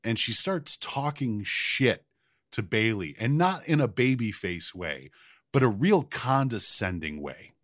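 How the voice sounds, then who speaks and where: A man co-hosting a casual podcast, telling a wrestling story in an animated, profane way. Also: medium pitch, a little slow, no room sound, clean studio sound. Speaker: podcast co-host.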